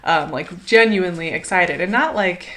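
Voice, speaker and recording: Woman, tarot reader, casual chat, slightly low voice, encouraging, enthusiastic. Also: moderate pace. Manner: chatty, warm and encouraging, many "like" and "right?" fillers; enthusiastic, laughs often. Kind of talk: casual intuitive tarot reading to viewers.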